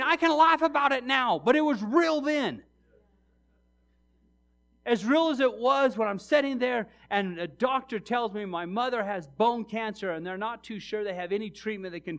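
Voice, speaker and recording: A middle-aged man preaching a sermon, telling personal stories and addressing the congregation directly, swinging from hushed to loud and emphatic. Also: very high voice. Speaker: pastor.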